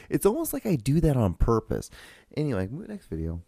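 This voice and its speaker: A man hosting a casual reaction vlog, rambling in a sarcastic, profane, deadpan way. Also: medium pitch, normal speed, gravelly, no room sound, clean studio sound. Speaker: show host.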